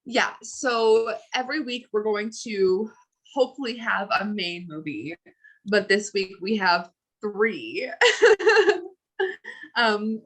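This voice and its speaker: A woman with a medium-pitched, slightly bright voice co-hosts a podcast, chatting casually about movies with lots of fillers and giggles. The recording quality is low.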